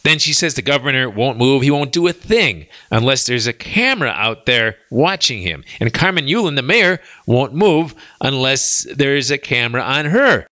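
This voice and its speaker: A male talk show host relaying a translated interview in an animated, indignant retelling. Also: medium pitch, normal speed, hardly any pauses, no echo.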